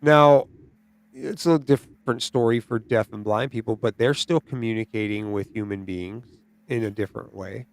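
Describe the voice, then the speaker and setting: A man hosting a podcast, chatting casually and telling stories in an animated way, often tagging his sentences with "right?" and "dude". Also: on the low side, moderate pace, no echo. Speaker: podcast host. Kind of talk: casual chat.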